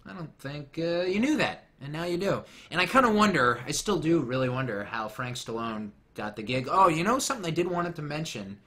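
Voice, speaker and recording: A man's voice: a little high, sing-song, a little fast, hardly any pauses, sharp tone. A young man hosting a casual commentary, rambling and joking as he drifts off on tangents. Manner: rambling, jokey, goes off on tangents. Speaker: commentary host.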